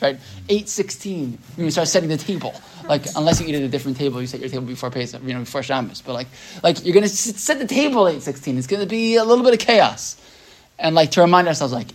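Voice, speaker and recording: A man's voice: on the high side, lively intonation, fast. A man giving an informal religious class, telling stories in a rambling, conversational way.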